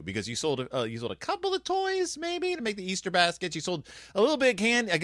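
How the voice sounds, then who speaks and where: A man rambles through a casual story with dry, self-deprecating humor. His pitch swings up and down a lot as he talks. The sound is close and dry, with no room around it. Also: a bit bright, no room sound.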